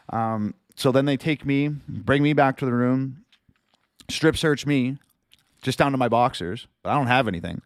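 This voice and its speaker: A man's voice: medium pitch, normal speed, vocal fry, no room sound, clean studio sound. A man hosting a livestream, telling a story casually with heavy swearing and quoted back-and-forth. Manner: profane, animated storyteller. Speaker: livestream host.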